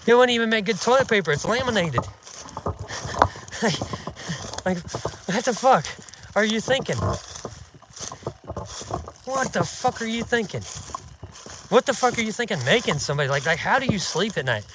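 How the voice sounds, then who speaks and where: A man's voice: sits high, expressive, brisk, long pauses, noisy background. A man hosting an outdoors channel, delivering a profane, mocking, indignant rant while out in the woods. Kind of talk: casual ranting vlog.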